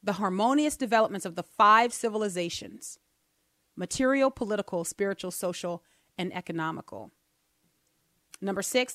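A woman's voice: medium pitch, a bit bright, no room sound, studio quality. A middle-aged woman hosting a talk show, chatting casually and animatedly, laughing and slipping into mock voices for her jokes. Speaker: podcast host. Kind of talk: casual commentary.

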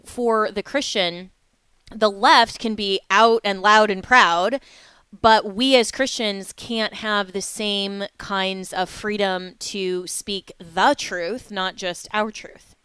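A woman hosting an interview, asking thoughtful questions and pausing with fillers. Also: mid-range voice, fairly bright tone, clean tone, no echo. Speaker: interview host.

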